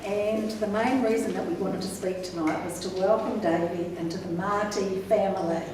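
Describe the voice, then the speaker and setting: Speaking in a steady, mid-range voice, a woman recounts stories about the couple during a wedding speech, warm and measured, with laughter mixed in. Background noise, hall echo, and a distant mic mark the recording.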